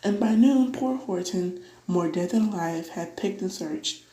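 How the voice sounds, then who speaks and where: A woman reading a children's storybook aloud, giving the characters livelier, higher voices. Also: a little slow, reverberant, a little hiss or hum, low-quality recording. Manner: lively, voices dialogue with pitch jumps. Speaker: audiobook reader. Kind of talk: read-aloud storybook narration.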